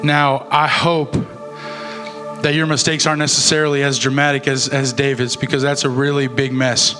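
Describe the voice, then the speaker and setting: A man's voice: mid-range voice, flat delivery, moderate pace, over music. A young man preaching a sermon as a youth pastor, in a casual, conversational way with fillers and restarts.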